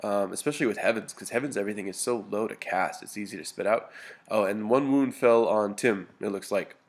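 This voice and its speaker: A hobby gamer with a somewhat low, gravelly voice narrates a tabletop battle report over photos, talking fairly quickly in a relaxed, casual way. He sounds a bit sniffly, stumbles through fillers and restarts, and slips in dry humor.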